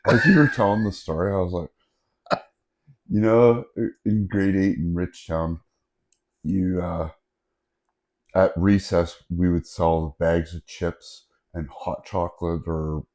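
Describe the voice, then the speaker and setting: A man's voice: low-pitched, steady tone, takes it slowly, darkish tone. A man, a podcast cohost, chatting casually and swearing while joking about a school memory. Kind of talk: casual chat.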